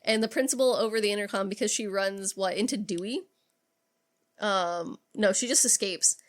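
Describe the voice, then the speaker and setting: A woman co-hosting a podcast, casually retelling a film scene by scene, lively and freely swearing. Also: mid-range voice, moderate pace. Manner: animated storytelling, swears freely. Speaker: podcast co-host. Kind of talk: casual movie recap chat.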